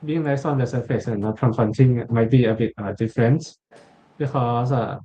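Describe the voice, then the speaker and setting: A man's voice: medium pitch, moderate pace. Hesitant young man, dull muffled sound. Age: young adult. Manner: hesitant, many "uh" and restarts, quiet. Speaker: student discussion participant. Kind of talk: casual group discussion.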